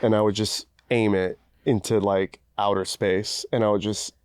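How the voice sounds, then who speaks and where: A man's voice: lowish voice, level tone, moderate pace, clean tone, no echo. A man co-hosting a podcast, talking casually about a film in a laid-back, rambling way, full of "like". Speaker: podcast co-host. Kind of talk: casual film-review banter.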